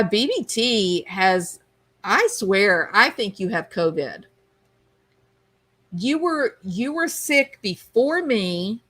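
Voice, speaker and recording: A woman's voice: mid-range voice, a bit bright, rough recording. A woman hosting a livestream, chatting casually and reading viewer comments aloud. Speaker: livestream host reading chat. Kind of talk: casual chat.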